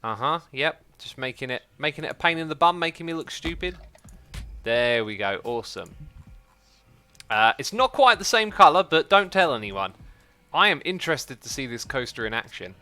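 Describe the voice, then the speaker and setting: A man hosting a live gameplay stream, chatty and excitable, thinking aloud and reading out chat messages. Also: mid-range voice, a little fast, clear, resonant tone. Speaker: livestream host.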